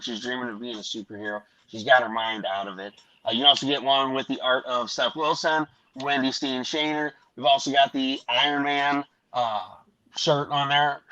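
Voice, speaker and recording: A man's voice: medium pitch, no room sound, lo-fi sound. A middle-aged man hosting a casual panel chat, rambling through anecdotes with laughs. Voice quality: bright, animated storytelling. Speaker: host.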